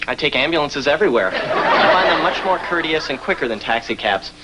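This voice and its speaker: A man's voice: a little high, expressive, a little fast, heavy background noise, lightly acted. An actor playing a childish, melodramatic grown man visiting his doctor, whiny and theatrical with nervous laughs. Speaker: patient. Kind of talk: sitcom acting.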